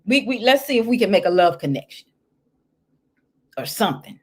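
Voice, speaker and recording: Reading confessions sent in by listeners, this sassy host and life coach has a husky, medium-pitched voice and a moderate pace. She keeps things animated and speaks right to her audience.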